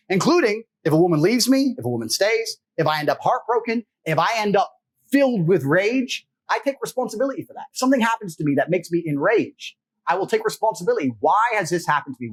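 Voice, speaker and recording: Husky, slightly high-voiced man; blunt, profane interview guest. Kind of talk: emphatic motivational talk.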